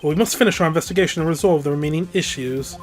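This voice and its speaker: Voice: mid-range voice, close to an everyday voice. Edgeworth, a player putting on a prim British prosecutor. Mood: composed. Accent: put-on British. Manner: measured, formal, deliberate delivery. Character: stern, formal young male prosecutor. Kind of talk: let's-play voice acting of game text.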